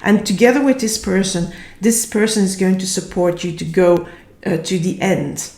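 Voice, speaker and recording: A woman giving a casual tarot reading, slightly hoarse and tired, thinking aloud and searching for words. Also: medium pitch, moderate pace, darkish tone. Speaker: tarot reader. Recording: echoey room.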